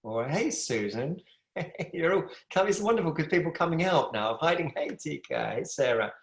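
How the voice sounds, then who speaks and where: A man's voice: fairly high pitch, lively intonation, normal speed, vocal fry, echoey room. A middle-aged man leading a live online yoga class over a video call from his home, chatty, affectionate and rambling. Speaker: yoga teacher. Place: room at home with a wood stove.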